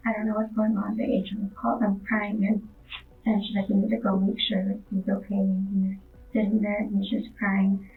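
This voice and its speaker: A young woman in her twenties, a witness in a police interview, talking in a hesitant, rambling way full of fillers. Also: medium pitch. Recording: distant, tinny phone-like interview recording.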